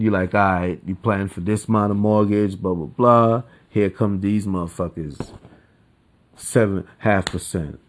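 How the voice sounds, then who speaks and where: Male podcast host, low register, profane ranting monologue with flare-ups. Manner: profane, ranting, swings from calm to heated.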